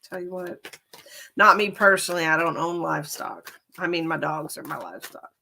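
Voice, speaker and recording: A woman's voice: lowish voice, moderate pace, vocal fry, sharp tone, a little hiss or hum. A woman giving live-stream tarot readings, chatting with viewers and calling them honey and darling. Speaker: tarot reader.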